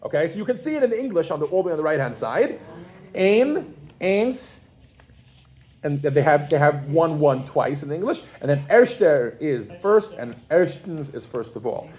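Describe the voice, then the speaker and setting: Lively, animated male language teacher. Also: a little high. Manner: animated, playful, joking with the class. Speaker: Yiddish teacher. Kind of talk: classroom lesson. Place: classroom with a group of adult learners.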